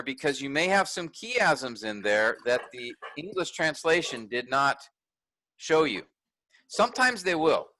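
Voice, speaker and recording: A man's voice: on the high side, bright, forceful tone, a little hiss or hum, low-quality recording. A man teaching a graduate workshop in a conversational way, thinking aloud with restarts and fillers.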